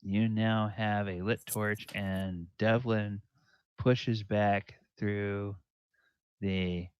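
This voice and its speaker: Deep-voiced, slow-talking male dungeon master. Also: fairly even intonation, smooth, no room sound. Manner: halting, many fillers and restarts, musing aloud. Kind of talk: narrating a tabletop game.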